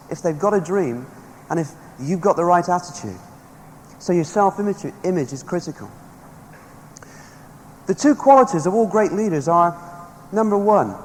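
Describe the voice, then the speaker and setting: A motivational speaker with a high voice and a darkish tone gives an emphatic seminar speech, using stories to rally the live audience. The large hall makes the recording echoey, with faint background noise.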